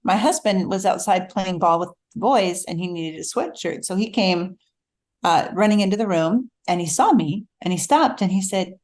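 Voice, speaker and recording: A middle-aged woman, an author, telling a personal story in a relaxed conversation, acting out the voices she quotes. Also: on the low side, normal speed. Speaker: author guest. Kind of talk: storytelling in casual chat.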